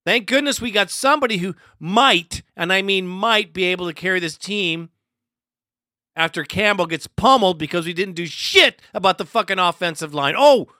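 A man's voice: high voice, bright, forceful tone, no room sound, studio quality. A man hosting a fan podcast, delivering a heated, profane solo rant. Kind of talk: solo ranting commentary.

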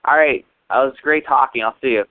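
A man's voice: mid-range voice, fast, a little hiss or hum. A man calling in to a fan show, rambling casually and sounding frustrated. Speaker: caller. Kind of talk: phoned-in voicemail to a fan show. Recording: tinny phone line.

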